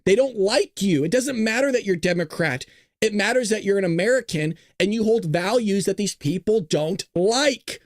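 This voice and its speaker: A political livestream host delivers a heated, expletive-heavy rant in a high-pitched voice with lively intonation and a moderate pace. The small closet he records in gives no echo.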